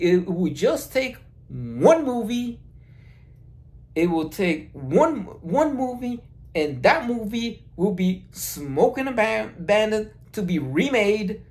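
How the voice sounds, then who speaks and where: Vlogger on a phone mic, rambling slowly, stopping and restarting phrases often. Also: medium pitch, very animated, a little mellow. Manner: halting, with many restarts and repeated words. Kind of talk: casual rambling monologue.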